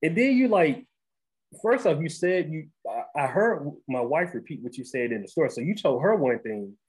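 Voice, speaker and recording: Man, thirties, husky voice, podcast host, excitable, restarts sentences. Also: a little high, moderate pace, rough recording. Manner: animated, restarts often, says "bro". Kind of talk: casual storytelling chat.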